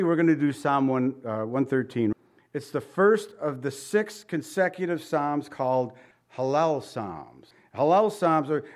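A man preaching a sermon, reading scripture aloud between animated, laughing asides to his congregation. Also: medium pitch. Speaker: pastor.

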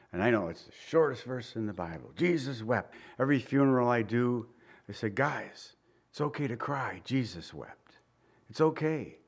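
Earnest male pastor preaching. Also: on the high side. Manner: earnest, emphatic, repeats key phrases, drops to quiet asides. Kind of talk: conversational sermon with scripture reading.

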